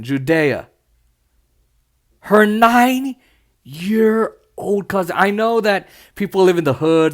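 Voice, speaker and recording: Impassioned high-voiced male podcast host. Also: fairly bright tone. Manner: impassioned, blunt, mocking asides. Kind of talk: solo podcast commentary.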